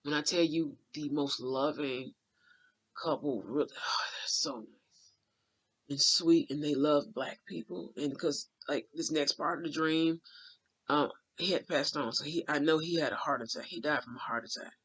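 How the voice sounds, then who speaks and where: A man recounting a vivid dream in casual, rambling speech, emotional and full of fillers, sometimes dropping to a hushed aside. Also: fairly high pitch, normal speed, husky. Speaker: dream channeler.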